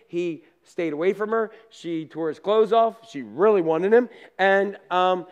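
A man with a high, light voice preaches like he is telling a story to friends. He mixes plainspoken asides into the sermon and swings between loud bursts and quiet remarks. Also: unhurried, few pauses, smooth. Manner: conversational storytelling with down-to-earth asides. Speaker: pastor.

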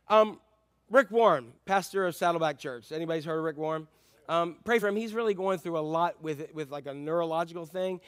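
Man, pastor preaching, high voice, dry close sound, soft asides then loud emphatic bursts. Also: no echo. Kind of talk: sermon.

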